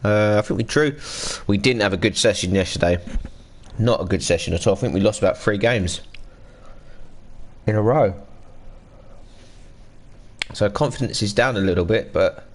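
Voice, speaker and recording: A man's voice: lowish voice, moderate pace, pauses often, slight background noise. A man, chatting casually on a live stream as he plays a football management game, greeting viewers by name and reading game text aloud. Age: 30s. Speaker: gaming livestreamer.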